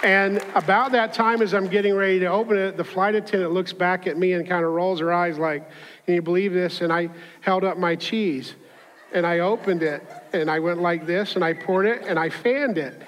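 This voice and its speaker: A male pastor with a high, light voice preaches in a church, mixing scripture with a humorous personal story. He talks conversationally and drops into little character voices. His voice carries a long hall reverb. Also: steady tone, normal speed, a bit bright, a little hiss or hum. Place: church auditorium.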